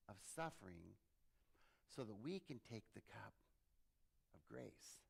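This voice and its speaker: A male pastor preaching a sermon, animated, acting out quoted voices with sudden loud, high bursts. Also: gravelly.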